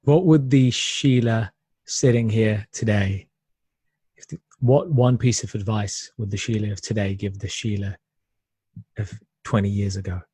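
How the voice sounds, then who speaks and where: Brief: male interview host, husky, dry close sound, warm affirming chatter. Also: fairly low pitch, fairly even intonation, a little slow, no echo. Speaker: podcast host. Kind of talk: casual interview chat.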